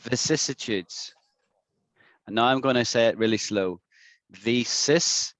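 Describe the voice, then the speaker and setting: A man's voice: lowish voice, clear, resonant tone, dry recording. Patient man teaching online, dry sound. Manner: patient, repeats words slowly for practice. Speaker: English teacher. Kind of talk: online English lesson. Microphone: video call.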